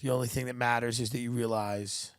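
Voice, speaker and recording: A man's voice: medium pitch, level tone, brisk, no echo. A man hosting a comedy podcast, riffing in a profane, sarcastic, rambling monologue.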